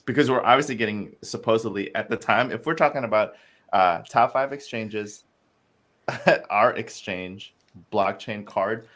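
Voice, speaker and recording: A man with a fairly low voice chats on a crypto panel. He gets excited, speeds up in bursts, and laughs easily. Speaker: round table panelist. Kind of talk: casual live-stream discussion.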